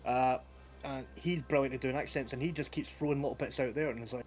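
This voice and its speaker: A man's voice: medium pitch, steady tone, quick pace, darkish tone, faint music behind. A man hosting a casual chat over a video call, telling stories in an easygoing, anecdotal way. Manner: chatty, anecdotal storytelling with laughs. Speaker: podcast host and game master.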